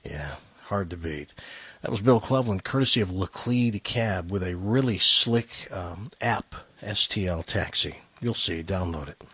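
A man's voice: low voice, measured pace, fairly bright tone, breathy edge, no room sound. A man hosting a radio show, trading casual jokes and reading promos in a chatty way. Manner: jokey, chatty, reads promos. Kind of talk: casual studio banter.

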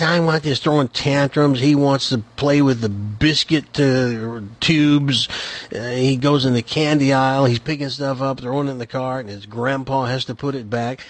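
A man's voice: medium pitch, no room sound. A man hosting a radio show, chatting with his co-host and telling a long joke like a practiced storyteller. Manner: chatty storyteller, quick questions. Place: radio studio.

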